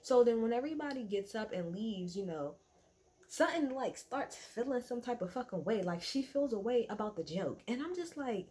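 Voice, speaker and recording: A woman's voice: medium pitch, lively intonation, moderate pace, a little mellow. A woman recapping a reality TV episode in casual chat, rambling and swearing freely with plenty of fillers, talking at home at night.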